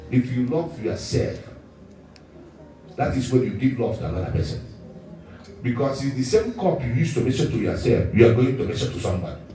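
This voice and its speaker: A man preaching with a lively, swooping delivery that often breaks into chuckles. His voice sits a bit high for a man. It rings through a very echoey church hall, picked up from a distance. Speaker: pastor. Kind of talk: sermon.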